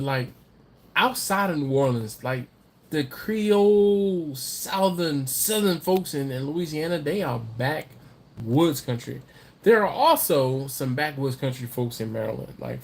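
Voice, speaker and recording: A man hosting a casual live stream, reading viewer comments aloud in a rambling, chatty way, often laughing and repeating his words. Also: medium pitch. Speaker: livestream host reading viewer chat.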